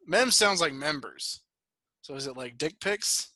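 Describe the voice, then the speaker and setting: A man's voice: fairly high pitch, expressive, measured pace, sharp tone, dry recording. A man in his twenties co-hosting a podcast over a video call, rambling casually and swearing freely. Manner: loose, profane, rambling storytelling. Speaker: podcast co-host. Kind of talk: casual chat.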